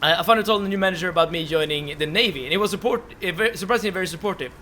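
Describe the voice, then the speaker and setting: A man's voice: high-pitched, rapid-fire, a little hiss or hum. A young man with a Swedish accent chatting with his live-stream viewers while playing a game. He stammers and repeats words a lot and laughs often. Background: soft game music.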